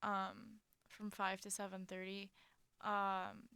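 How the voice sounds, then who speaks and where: A young woman co-hosting a college radio show, telling stories in an animated way and laughing often. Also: mid-range voice, slow, gravelly, smooth, no room sound. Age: young adult. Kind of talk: casual chat. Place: studio.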